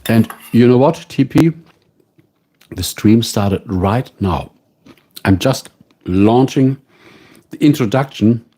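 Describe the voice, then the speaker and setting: Slow-talking German-accented man, husky and mellow. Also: mid-range voice, animated. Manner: slow, musing, greets viewers by name. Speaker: livestream host. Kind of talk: casual live-stream chat.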